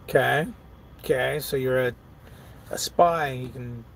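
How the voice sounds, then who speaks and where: A man's voice: mid-range voice, takes it slowly, vocal fry, a little hiss or hum. A middle-aged man, a truck driver, chatting casually on a live stream, reading viewer comments aloud, laughing often and riffing on them.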